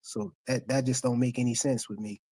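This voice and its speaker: Dark, dry-voiced male caller. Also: mid-range voice, steady tone, brisk, breathy edge, dry recording. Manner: hesitant, many fillers. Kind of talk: casual call-in commentary.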